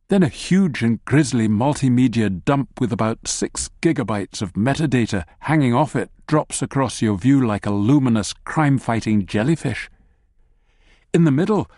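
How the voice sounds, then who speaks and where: A man narrates a story in the second person, tossing in wry asides as he goes. His pitch moves a lot, keeping the reading lively. The recording is dry and close to the mic, with no room sound. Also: no echo. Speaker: audiobook narrator. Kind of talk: scripted narration.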